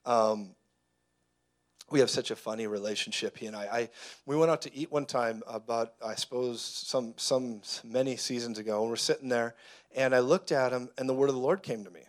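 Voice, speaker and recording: A man's voice: medium pitch, moderate pace. A man preaching a sermon, telling personal stories and acting out the voices of the people in them. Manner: animated storyteller who acts out dialogue. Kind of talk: sermon teaching.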